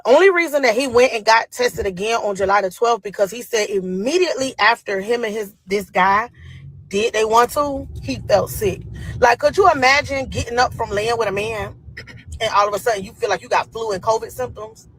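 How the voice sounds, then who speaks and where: Husky woman retelling gossip. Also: on the high side, brisk, a bit bright, low-quality recording. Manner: gossipy, retells with quoted voices. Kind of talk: casual storytelling rant.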